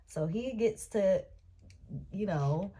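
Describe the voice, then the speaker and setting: Animated young woman telling a story. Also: mid-range voice, takes it slowly, slightly rough. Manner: animated, dramatic retelling, talks to viewers as y'all and baby. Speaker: vlogger. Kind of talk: storytime vlog.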